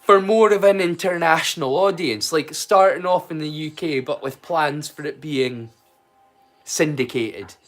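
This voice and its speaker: Faint music plays behind a man whose voice is on the high side, unhurried and fairly bright. He hosts a casual live-stream watch-along with a Scottish accent mixed from many places, rambling chattily and answering his chat directly.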